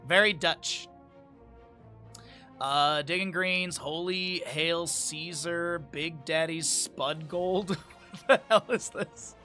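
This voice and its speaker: Chatty male streamer, high bright voice, quick laughs, faint music behind. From Lake Tahoe area, United States. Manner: chatty, laughs often, reads aloud from a menu. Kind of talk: casual chat with live chat.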